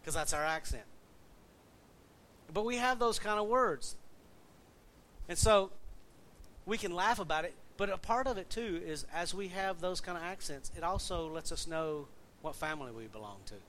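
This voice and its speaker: A pastor from the American South with a Southern accent preaches in a relaxed, folksy way, chatting with his congregation and quizzing them as he goes. His voice sits a little higher than most men's. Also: moderate pace, a little hiss or hum. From Southern United States. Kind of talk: sermon.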